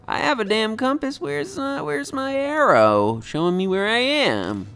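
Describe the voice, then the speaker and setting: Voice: medium pitch, slow, hardly any pauses. A game streamer giving live commentary while playing, talking to themselves and to chat with frequent exclamations. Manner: animated, talks to self and chat, frequent exclamations. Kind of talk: live gameplay commentary chatting with viewers. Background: game music.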